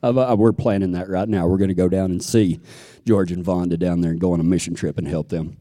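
A man's voice: low voice, fairly even intonation, fast, warm tone. A Texan man preaching a sermon, folksy and full of stories, acting out what people say. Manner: folksy, storytelling, acts out quotes. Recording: long hall reverb.

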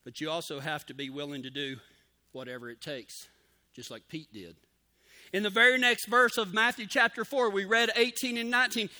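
A man's voice: high-pitched, fairly even intonation, a little fast, bright, forceful tone. A man preaching a sermon in a folksy, emphatic way, with cowboy slang and key phrases repeated for emphasis.

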